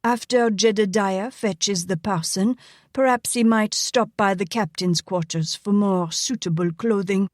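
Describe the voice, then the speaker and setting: A woman's voice: mid-range voice, a little slow, no echo, clean studio sound, natural voice. A woman voicing a flustered middle-aged mother who soothes and pleads with her husband. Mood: coaxing.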